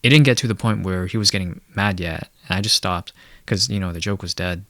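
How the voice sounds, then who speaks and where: A young man with a lowish voice rambles through a casual rant, full of fillers and blunt, sardonic asides. The sound is dry and close to the mic, with no room around it. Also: fairly quick, a bit bright, no room sound. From Asia. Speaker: commentary video host.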